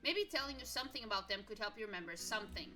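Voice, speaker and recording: A woman voicing a friendly young woman in her twenties, a worried best friend who talks warmly and apologizes often. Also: medium pitch, expressive, very fast, music in the background, lightly acted. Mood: helpful. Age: 20s. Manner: warm, chatty, apologetic.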